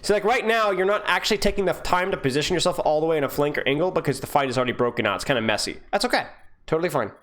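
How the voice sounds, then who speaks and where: A man's voice: on the high side, expressive, rapid-fire, a bit bright. A young man coaching live on stream, reviewing gameplay in a casual, joking way and answering his viewers. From United States.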